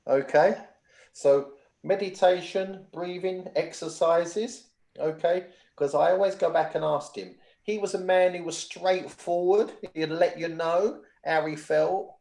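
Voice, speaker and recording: Male medium giving readings, slightly high voice, echoey home room, keeps asking if you follow. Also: unhurried, creaky, darkish tone. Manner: chatty, checks in with the sitter often. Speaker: spiritual medium. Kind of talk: giving readings at a spiritual service.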